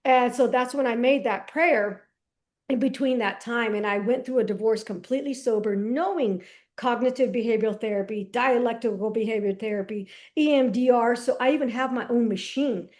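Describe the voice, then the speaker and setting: A woman guest telling a personal story in casual conversation, animated and full of slang and restarts. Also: fairly high pitch, moderate pace. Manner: animated storyteller who acts out dialogue. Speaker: podcast guest.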